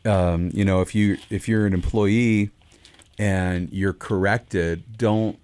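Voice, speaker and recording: A man co-hosting a Christian radio talk show, speaking casually with many pauses and restarts. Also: sits low, steady tone, a little mellow, smooth. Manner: hesitant, many fillers and restarts.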